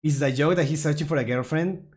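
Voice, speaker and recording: Speaking quickly in a mid-range voice with a somewhat dark tone, this streamer goes through memes casually while talking to chat. They're chatty, laugh frequently, and often turn the joke on themselves.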